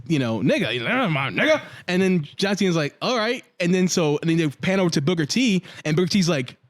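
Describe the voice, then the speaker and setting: On a casual podcast, a male co-host with a slightly high voice tells animated stories, acting out the quotes along the way. The recording is dry and studio quality.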